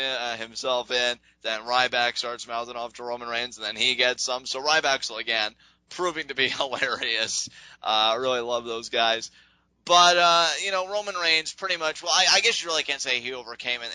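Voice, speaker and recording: A man co-hosting a casual wrestling recap podcast, talking in an animated, rambling way and laughing often. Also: mid-range voice, clean tone, dry recording, low-quality recording. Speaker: podcast co-host.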